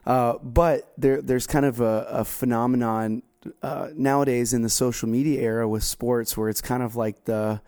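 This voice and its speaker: Rambling casual man with a mellow voice. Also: mid-range voice, fairly even intonation, normal speed, clear, resonant tone. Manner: rambling, self-deprecating, many restarts. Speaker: co-host. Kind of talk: casual conversational chat.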